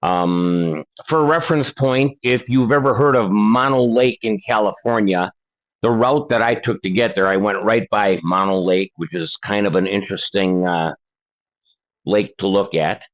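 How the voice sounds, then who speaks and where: Older male host, slow and chatty, reads viewer letters. Dull lo-fi sound. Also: on the low side. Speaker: paranormal channel host. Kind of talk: casual reading of letters and articles.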